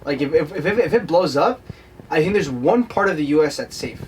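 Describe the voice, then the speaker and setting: A young man co-hosting a podcast in casual chat, animated and rambling with lots of fillers. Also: on the high side, fairly quick. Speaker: podcast co-host. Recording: distant mic with faint noise.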